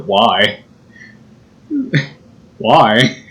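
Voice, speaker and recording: A man's voice: mid-range voice, animated, a little slow, fairly bright tone, rough recording. Playful man reading a visual novel. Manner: playful, laughs at his own jokes. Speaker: gaming channel host. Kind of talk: reading a visual novel aloud with joking commentary.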